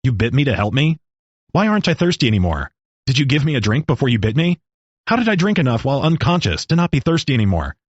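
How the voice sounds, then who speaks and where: A man voicing a parched, dazed stranded man in a storybook reading, croaking out anxious questions. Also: medium pitch, expressive, a little fast, no room sound, highs cut off.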